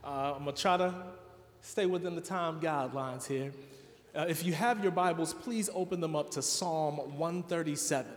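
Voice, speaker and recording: A man's voice: fairly high pitch, moderate pace. A man preaching a sermon as a guest preacher in a church, earnest and conversational, with frequent filler words. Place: church sanctuary. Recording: long reverb of a church hall.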